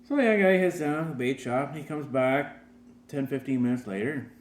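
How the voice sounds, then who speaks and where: A laid-back man hosts a casual beer tasting and tells a joke, taking his time with plenty of fillers. His voice sits at a middle pitch. The room is roomy, with faint ambience behind him. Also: fairly quick, slight background noise. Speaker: host.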